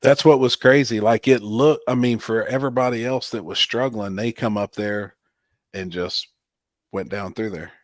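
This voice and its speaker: A man's voice: lowish voice, normal speed, dry recording, studio quality. A man hosting a casual chat about racing, laid-back and drawling. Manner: laid-back, drawling, says "I think" often.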